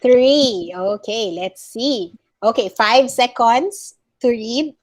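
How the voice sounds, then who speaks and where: A woman's voice: on the high side, slow pace, a little mellow. A woman with a Filipino accent teaching an online class, going through words one by one and correcting how they are pronounced, switching now and then into Tagalog. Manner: corrects word by word, mixes English with Tagalog. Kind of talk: online class pronunciation feedback.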